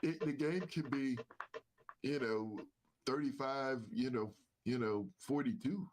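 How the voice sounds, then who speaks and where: A man co-hosts a casual sports talk podcast with a nasal, darkish voice of medium pitch. He speaks slowly, repeats himself, and leans on lots of fillers.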